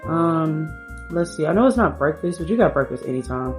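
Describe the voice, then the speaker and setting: Woman chatting thru her gameplay in aave, kinda low voice, soft guitar music behind. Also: animated, brisk. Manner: chatty, talks to her viewers and the game. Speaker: gameplay streamer. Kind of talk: casual let's-play commentary.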